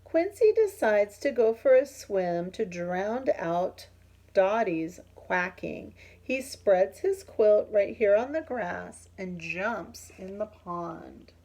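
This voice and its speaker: A woman reading a picture book aloud to children, explaining pictures and asking questions, with a husky voice. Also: mid-range voice, lively intonation, slow, mellow, poor audio.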